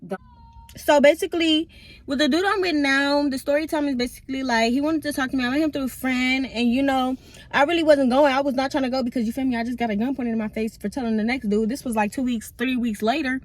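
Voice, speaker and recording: A woman's voice: sits high, fairly even intonation, fast talker, poor audio. A young woman, telling candid, rambling stories in a casual vlog. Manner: candid, slangy, rambling storyteller with filler words. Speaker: vlogger. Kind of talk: casual story-time vlog.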